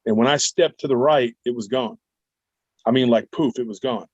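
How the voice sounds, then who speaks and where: A man telling a long personal story as a guest in an interview, animated and rambling. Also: medium pitch, moderate pace, no echo. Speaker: guest cryptid researcher. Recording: dull dry remote recording.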